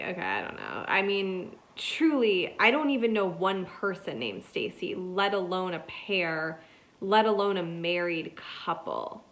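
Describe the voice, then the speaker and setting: A woman's voice: on the low side, big pitch swings, unhurried, fairly bright tone. A woman hosting a podcast, telling a story in a loose, rambling way and saying "like" constantly. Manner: rambling, chatty, heavy use of "like". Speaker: podcast host. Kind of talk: casual solo storytelling.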